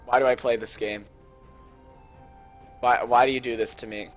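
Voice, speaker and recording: A young adult student caster rambling casually and hesitantly to fill a long pause in a game stream, with self-deprecating asides. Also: medium pitch, fairly even intonation, faint music behind.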